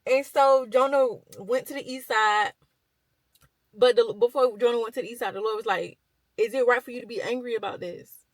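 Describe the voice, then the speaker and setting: A woman's voice: on the high side, normal speed, no echo, low-quality recording. Young woman vlogger, casual chatty storytelling, lots of um and like, dry close mic. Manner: chatty, full of fillers and slang. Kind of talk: casual retelling of a Bible story.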